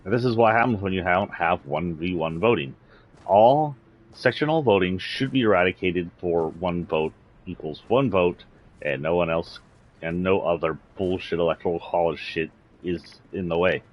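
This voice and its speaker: The audio has its highs cut off as a Texas political commentator, his voice sitting low at normal speed, rants on a livestream. He speaks with a slight Southern accent, blunt and indignant, swearing freely.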